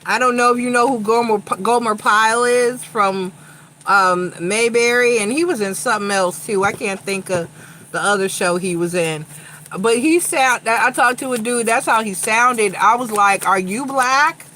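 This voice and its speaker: A woman's voice: fairly high pitch, normal speed, pushed and bright, a little hiss or hum, poor audio. A woman from Long Island, New York with a Long Island accent touched by a slight Southern tinge, a tarot reader chatting bluntly and profanely during a casual livestream.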